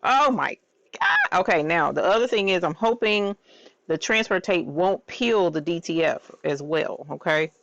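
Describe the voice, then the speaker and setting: A woman hosting a casual craft stream, bubbly and excitable, often squealing and laughing. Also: fairly low pitch, normal speed, no echo. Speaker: crafting channel host. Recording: dull, slightly lo-fi sound.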